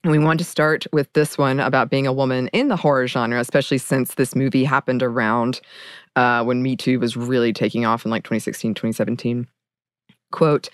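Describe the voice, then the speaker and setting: Smooth-voiced chatty woman podcaster. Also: a bass voice, fairly quick, dry recording, clean studio sound. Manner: laughs often, animated and chatty. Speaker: podcast co-host. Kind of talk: casual podcast chat about a film.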